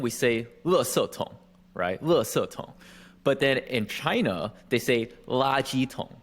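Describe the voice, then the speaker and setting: A young man from Taiwan co-hosting a podcast in casual chat, animated and swearing freely, slurring his words. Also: medium pitch. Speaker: podcast co-host.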